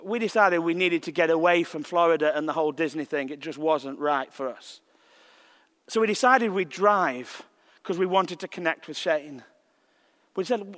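A man preaching a sermon in a gentle, reflective tone, his fairly high voice unhurried as he weaves scripture into a personal story. His voice rings with the long reverb of a large church sanctuary. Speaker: visiting preacher.

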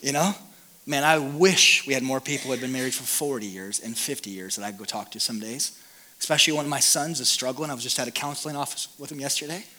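A man's voice: medium pitch, fast, bright, forceful tone. A man in his thirties, a pastor giving a candid, self-deprecating talk to an audience. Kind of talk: conference talk.

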